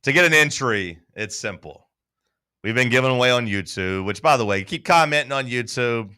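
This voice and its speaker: A playful male sports radio host with a bright, forward voice, bantering and laughing with his crew. He is close on a studio mic, and the sound is dry with little room echo. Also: mid-range voice, expressive, normal speed, clean tone.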